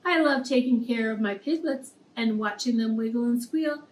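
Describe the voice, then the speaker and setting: A woman's voice: a little high, normal speed, slight background noise, natural voice. A woman reading the lines of a caring mother pig watching her piglets. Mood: fond. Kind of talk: storybook reading. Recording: echoey room, distant mic.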